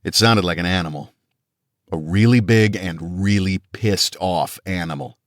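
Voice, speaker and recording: An audiobook narrator with a low voice reads a first-person action story, delivering the scripted narration in a tense, dramatic way. He speaks unhurriedly, and the studio-quality recording has no echo.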